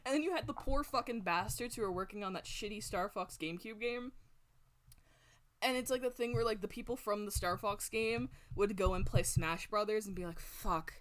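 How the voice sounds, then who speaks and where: A woman's voice: mid-range voice, moderate pace, a bit bright. Profane, rambling woman streamer. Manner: rambling, profane, laughs often. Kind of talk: casual stream chat while drawing. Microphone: close desk mic.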